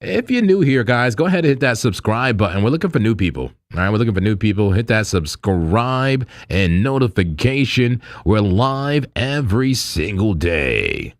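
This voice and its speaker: A man with a fairly low voice hosts a live trading stream, talking to chat in loose slang and repeating phrases as he goes. His pitch jumps around animatedly. He sits close to a dry, deadened mic. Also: very animated, moderate pace, hardly any pauses, dry recording. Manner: loose, slangy, repeats himself, laughs often. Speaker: crypto trading livestream host.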